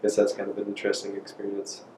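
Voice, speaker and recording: A man's voice: fairly low pitch, monotone, quick pace, warm tone, echoey room, far from the mic, low-quality recording. A young man from North Carolina with a North Carolina accent, a college student rambling through a casual interview answer. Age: young adult. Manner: rambling, self-correcting.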